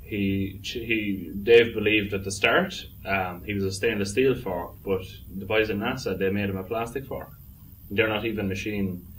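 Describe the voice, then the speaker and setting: Casting: a man as a blunt, rambling carer with a lowish voice, recorded a bit off-mic with faint noise. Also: steady tone, moderate pace, distant mic, lightly acted, low-quality recording. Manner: rambling, with abrupt shouted commands. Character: blunt man caring for the fork-man. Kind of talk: mockumentary acting.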